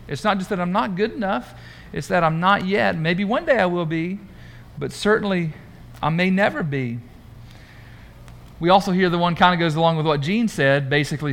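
Male preacher, high voice, chatty and animated, quizzing his congregation. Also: normal speed, vocal fry. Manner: conversational, animated, asks the congregation questions. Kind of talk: sermon. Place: church room.

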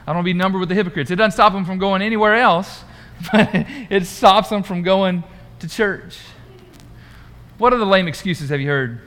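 High-voiced preacher, chatty. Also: male voice, normal speed. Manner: conversational, animated, asks the congregation questions. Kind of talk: sermon. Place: church room.

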